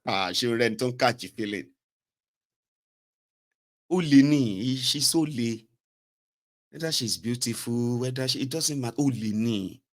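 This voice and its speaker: Pausing often at a measured pace, this Nigerian-accented man hosts rambling, mocking political commentary in a casual style. His voice sits at medium pitch, and he moves back and forth between English and pidgin.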